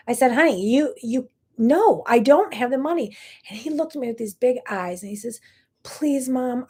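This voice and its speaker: A woman's voice: fairly high pitch, a little mellow, slightly rough. A middle-aged woman hosting a talk show, telling a personal story in an earnest, emotional way with many asides. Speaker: host.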